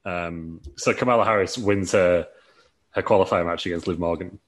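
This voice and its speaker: A man's voice: deep voice, normal speed. A man hosting a casual podcast chat, rambling and laughing through a made-up storyline with many fillers. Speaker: podcast host.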